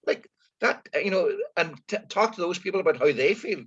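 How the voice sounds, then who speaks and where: A man co-hosting a casual political chat, hesitant and halting with many restarts. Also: high voice, expressive, breathy edge. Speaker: co-host of a current affairs podcast. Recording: muffled lo-fi audio.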